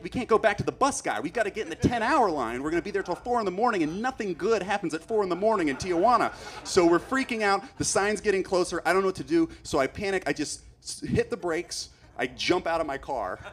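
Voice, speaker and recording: A man telling a long comic story on stage, rambling and growing loud and frantic as he acts out his panic. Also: high voice. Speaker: stand-up comedian. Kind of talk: stand-up storytelling.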